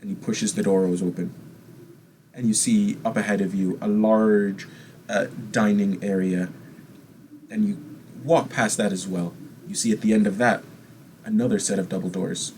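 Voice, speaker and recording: A man narrating a tabletop game as game master, describing scenes at an unhurried pace with frequent fillers. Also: fairly low pitch, a little mellow, slight background noise.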